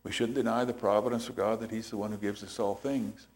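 A man's voice: fairly low pitch, level tone, fast. A man preaching a sermon as pastor, explaining scripture step by step and checking in with rhetorical questions.

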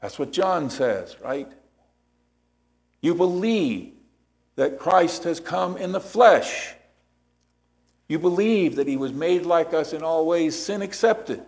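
Male pastor, sermon, fairly high voice, teaching tone, asks rhetorical questions. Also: expressive, slow, pauses often, darkish tone. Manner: explanatory preaching with rhetorical questions.

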